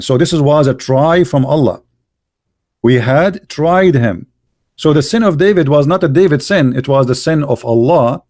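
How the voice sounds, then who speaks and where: A man's voice: mid-range voice, mellow, no room sound. Mocking argumentative guy reading texts and ranting, lots of uh's, dry close recording. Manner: halting, with many fillers while searching pages. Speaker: religious debate commentator. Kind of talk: combative commentary while reading texts on screen.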